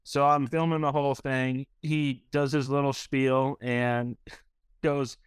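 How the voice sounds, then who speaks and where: Smooth-voiced man telling a rambling story. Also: medium pitch, level tone, slow, no room sound. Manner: rambling, filler-heavy with frequent "like". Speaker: restaurant owner guest. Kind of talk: casual storytelling.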